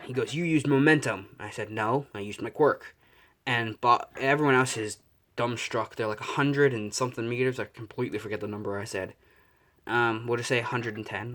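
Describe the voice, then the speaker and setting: A young man improvising a fan story out loud, rambling and correcting himself, swearing casually. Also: mid-range voice.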